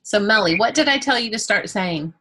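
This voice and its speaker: A woman's voice: mid-range voice, expressive, brisk, pushed and bright, a little hiss or hum. A woman teaching an art class in a casual, chatty way, candid and joking, with playful asides.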